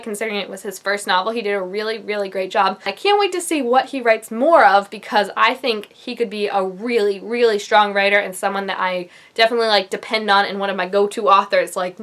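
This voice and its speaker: A woman's voice: mid-range voice, quick pace, few pauses, fairly bright tone. A young woman chatting enthusiastically on her book vlog, gushing about her favorite reads. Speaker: book vlogger. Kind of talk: casual book review vlog.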